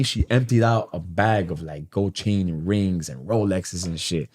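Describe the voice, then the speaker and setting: A man from Miami telling a profane, animated story from his past in casual conversation. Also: low voice, a little slow, few pauses, husky. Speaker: guest.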